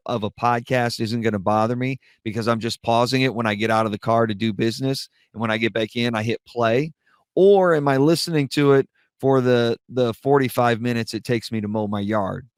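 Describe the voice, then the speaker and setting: A man co-hosting a podcast review, laying out practical advice in a steady, measured way. His voice is smooth and clear. The sound is dry and close. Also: medium pitch, dry recording. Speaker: podcast co-host. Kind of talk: casual advice chat.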